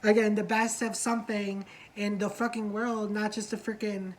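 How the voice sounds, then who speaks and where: A woman's voice: medium pitch, flat delivery, moderate pace, low-quality recording. Chatty gossiping woman recapping a show. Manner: chatty, gossipy, swears freely, acts out quotes. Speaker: co-host of a reality show review. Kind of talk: casual chat recap.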